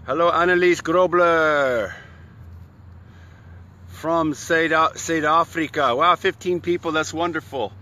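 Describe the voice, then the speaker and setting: A man's voice: fairly high pitch, takes it slowly, sharp tone. A man hosting his own live broadcast, upbeat and a bit hyped, chatting casually and greeting viewers one by one by name. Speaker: live stream host. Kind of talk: casual live-stream chat.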